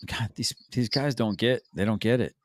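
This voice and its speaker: A man's voice: mid-range voice, moderate pace, no echo. A man hosting a stream, giving crude, mocking, rambling reaction commentary. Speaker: stream host.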